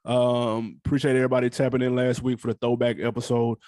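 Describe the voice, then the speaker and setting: A man co-hosting a podcast, talking in a relaxed, rambling way with plenty of swearing. His pitch sits in an ordinary middle range. The sound is dry and close-miked. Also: fast talker, no room sound. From United States. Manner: laid-back, rambling, profane storytelling. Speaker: podcast co-host. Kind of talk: casual podcast chat.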